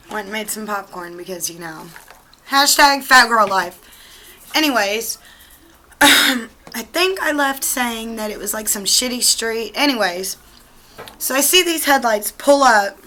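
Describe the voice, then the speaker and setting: A woman's voice: a little high, bright, forceful tone, poor audio. A young woman vlogger telling a storytime to her camera at home, chatty and profane, with lots of "like".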